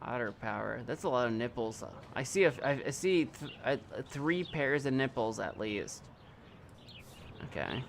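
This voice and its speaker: A man's voice: mid-range voice, very animated, a little slow, creaky, a little hiss or hum. Chatty man streaming a game. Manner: rambling, chatty, talks back at the screen and chat. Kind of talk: live gameplay commentary.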